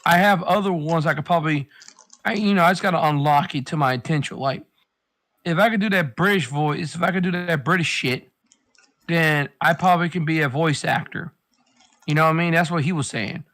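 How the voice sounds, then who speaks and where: A man with a slightly high voice talks in a loose, rambling way. He swears freely and keeps circling back as he gives a friend blunt life advice. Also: fairly bright tone. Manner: rambling, profane, advice-giving. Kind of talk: casual chat.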